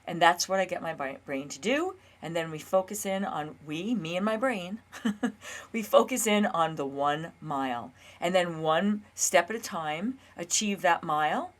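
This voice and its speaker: A woman's voice: medium pitch, expressive, normal speed. A woman in her fifties, a health coach hosting her own show, talking casually and earnestly, sometimes acting out her own inner dialogue. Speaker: health and weight loss coach, show host. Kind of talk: casual solo talk to camera.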